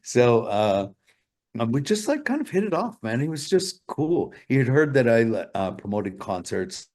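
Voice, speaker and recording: A man's voice: medium pitch, big pitch swings, moderate pace, darkish tone. A male guest telling stories in a casual interview, rambling and swearing a lot. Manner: profane, rambling, full of fillers.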